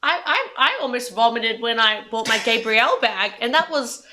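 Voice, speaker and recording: A young woman hosting a casual chat, excitable and tripping over her words as she restarts sentences. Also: on the high side, normal speed, background noise. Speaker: host.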